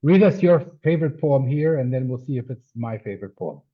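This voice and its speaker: Halting man interviewer, dull lo-fi sound. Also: mid-range voice, expressive, slightly rough. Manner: halting, repeats words, warm praise. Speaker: interviewer host. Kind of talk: casual interview chat. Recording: dull lo-fi video call audio.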